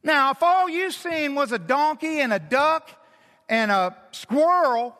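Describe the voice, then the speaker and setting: High-pitched, slow-preaching male pastor. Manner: animated, acts out quotes with sudden swings in pitch and loudness. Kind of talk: sermon. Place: church sanctuary. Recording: long hall reverb.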